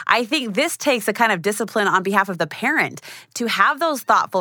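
A woman's voice: mid-range voice, animated, a little fast, hardly any pauses, sharp tone, dry recording, studio quality. A woman hosting an interview, affirming her guest and asking follow-up questions with self-deprecating asides. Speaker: interview host. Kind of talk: conversational interview.

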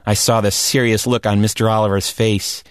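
Casting: expressive male storyteller, comic and animated, bone-dry close recording. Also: fairly low pitch, moderate pace, no room sound. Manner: animated, comic, rising into shouts at wild moments. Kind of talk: spoken personal story.

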